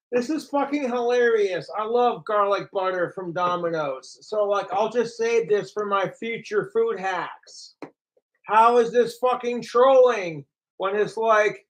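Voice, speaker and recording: A man's voice: high-pitched, takes it slowly, a bit bright, rough recording. A man ranting casually to camera, profane and mocking about his trolls. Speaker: vlogger.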